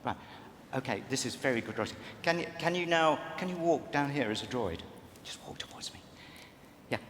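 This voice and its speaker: A man coaching volunteers on a convention stage, animated and encouraging, often breaking into laughter. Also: medium pitch, brisk. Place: large convention hall stage. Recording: echoey hall with crowd noise.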